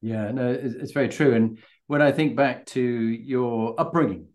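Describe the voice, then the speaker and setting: Guy hosting an interview, mid pitched voice, chatty questions. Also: moderate pace, darkish tone. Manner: conversational, leading questions. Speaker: podcast host.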